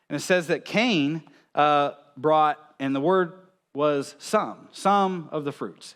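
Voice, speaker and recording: A man's voice: mid-range voice, fairly bright tone. A man preaching a conversational sermon in a church, telling stories with small chuckles and often checking in with "right?". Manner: chuckles between points. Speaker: pastor.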